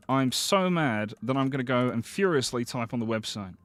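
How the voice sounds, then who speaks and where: Male streamer, casual live chat, animated delivery, frequent swearing. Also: medium pitch, normal speed, few pauses, soft background music. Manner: excitable, swears often, thanks viewers.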